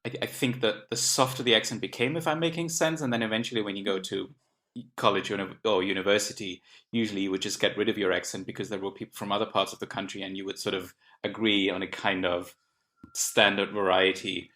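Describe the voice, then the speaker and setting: A man speaking in a measured, hedging way in a podcast conversation. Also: fairly low pitch, steady tone, pushed and bright. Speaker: interpreter.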